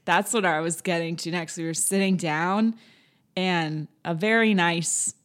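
A young woman with a slightly low voice hosts a relaxed podcast chat. She rambles through anecdotes, giggling often and slipping into playful voices for the people she quotes. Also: measured pace. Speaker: podcast host. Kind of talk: casual chat.

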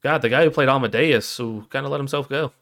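A man co-hosting a casual podcast with a voice of ordinary pitch. He talks hesitantly and fills his sentences with pauses. He keeps stepping in to set the facts straight. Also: a bit bright. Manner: correcting, hesitant, filler-heavy. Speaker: podcast co-host.

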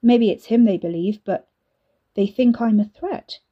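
Woman reading a tense hesitant young woman, defiant, breathy, mellow, lo-fi. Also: medium pitch, a little slow, close to an everyday voice. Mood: wary. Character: wary young woman, defiant under fear.

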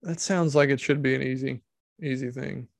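A man's voice: mid-range voice, fairly even intonation, normal speed, creaky, no echo, studio quality. A man giving casual comedic commentary, sarcastic and incredulous, swearing freely.

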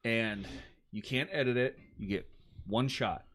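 A man's voice: mid-range voice, measured pace, fairly bright tone. A man co-hosting a podcast in casual chat, laid-back and jokey, swearing freely as he tells stories. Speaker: podcast co-host.

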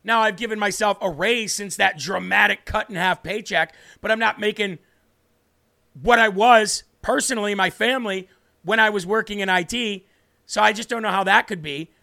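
A man's voice: high-pitched, normal speed, gravelly, sharp tone. A man hosting a Christian talk show, speaking to viewers with emphatic, preachy conviction and answering their comments. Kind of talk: impassioned faith talk to viewers.

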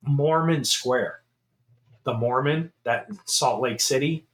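A middle-aged man co-hosting a casual show, telling a long story in an animated way, swearing and laughing as he goes. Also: mid-range voice, slow. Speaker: podcast co-host.

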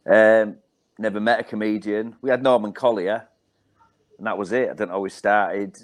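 Rambling Hull-accented comedian telling stories. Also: male voice, fairly low pitch, fairly even intonation, normal speed. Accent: Hull, Yorkshire. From Hull, England. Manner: rambling anecdotes with many ums and self-repeats. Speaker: stand-up comedian guest. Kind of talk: casual storytelling on a podcast.

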